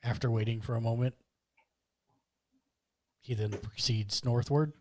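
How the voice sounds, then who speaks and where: A man acting as game master, narrating a tabletop game with quick practical asides. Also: medium pitch, steady tone.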